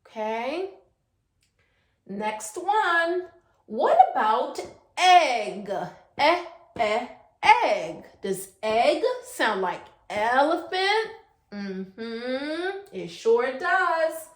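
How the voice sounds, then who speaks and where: Sing-song preschool teacher woman, high and lively. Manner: sing-song, drawn-out sounds, coaxing questions. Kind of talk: virtual preschool class. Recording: echoey room.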